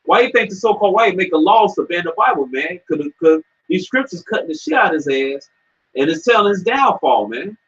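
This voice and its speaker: A fiery man with a husky, slightly high voice preaches in a scripture discussion, stammering and swearing as he pushes his point. The recording is dull and lo-fi, with a muffled top end. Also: very animated, a little fast, a bit bright. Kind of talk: heated street preaching chat. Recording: dull lo-fi sound.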